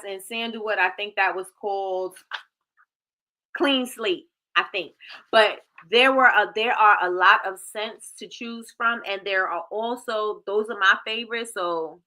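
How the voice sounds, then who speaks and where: Woman, livestream host, chatty, bright voice. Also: mid-range voice. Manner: chatty, reads viewer comments aloud, lively. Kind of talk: casual livestream chat.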